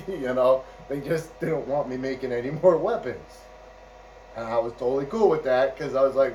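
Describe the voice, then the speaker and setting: A man's voice: mid-range voice, expressive, moderate pace, a little mellow, recorded from a distance, slight background noise, low-quality recording. A man telling a casual, rambling anecdote, chuckling often and checking in with "right?" and "you know". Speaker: storyteller.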